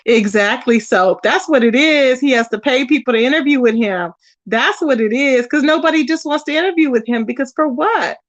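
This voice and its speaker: A chatty woman hosting a live stream, her voice sitting fairly high as she talks straight to her viewers. The sound is dry and a little dull. She keeps it loose and animated, calling the viewers "y'all" and "child.". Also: normal speed, dry recording. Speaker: YouTube live host. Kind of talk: casual live-stream chat reading comments.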